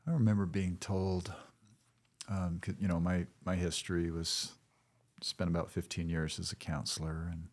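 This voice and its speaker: A man's voice: deep voice, level tone. A middle-aged man, a former counselor and guest, speaking thoughtfully in a casual conversation. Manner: thoughtful, measured, with frequent restarts.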